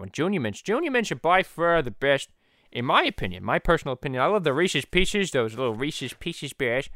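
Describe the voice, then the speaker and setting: A man voicing a pompous cartoon baby boy who stammers and speaks in soft, hesitant tones. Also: mid-range voice, no room sound, voice pushed down. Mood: dreamy musing. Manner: timid, stammering apologies.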